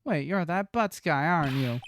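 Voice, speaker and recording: A streamer doing a gruff streetwise detective. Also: mid-range voice, expressive, normal speed, slight background noise, close to an everyday voice. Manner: streetwise, calls everyone pal; reading game dialogue aloud. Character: gruff blustering male police detective. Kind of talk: reading a video game's dialogue aloud.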